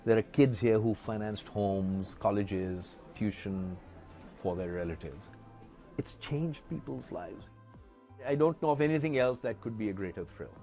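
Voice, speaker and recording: An older Indian man with an Indian English accent, recalling his business past in an interview with lively, chuckling storytelling. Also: on the low side, a little slow, soft background music. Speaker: entrepreneur. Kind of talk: documentary interview recollection.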